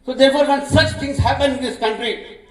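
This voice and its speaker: A man's voice: very high-pitched, steady tone, brisk. A man with an Indian accent giving an impassioned political speech at a public meeting. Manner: impassioned, declamatory. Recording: echoey hall, mic from far off.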